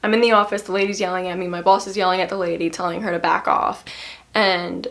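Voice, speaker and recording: A young woman vlogger casually telling a personal story, chatty and laughing, acting out other people's lines in a higher voice. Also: flat delivery, fast, gravelly, fairly bright tone.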